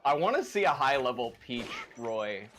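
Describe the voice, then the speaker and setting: A man's voice: medium pitch, sing-song, moderate pace, a bit bright, slight background noise. Teasing man in gaming chat. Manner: teasing, laughing. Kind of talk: casual gameplay chat.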